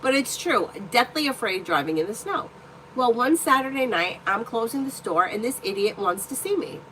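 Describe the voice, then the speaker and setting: A woman's voice: a little high, expressive, moderate pace, a bit bright, a little hiss or hum, rough recording. Blunt, candid woman reading tarot live. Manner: candid, blunt, swears freely. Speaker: tarot reader hosting a live stream. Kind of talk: casual live-stream chat and storytelling. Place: indoor room at home.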